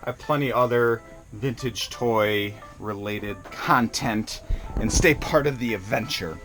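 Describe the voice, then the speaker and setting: A man hosting a casual toy unboxing vlog, excited and rambling, restarting his sentences. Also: fairly low pitch, measured pace, soft background music. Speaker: toy collector vlogger.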